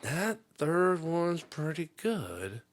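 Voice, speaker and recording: A man hosting a comedy podcast, rambling through a story and jumping into quick impressions. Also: on the high side, very animated, no room sound.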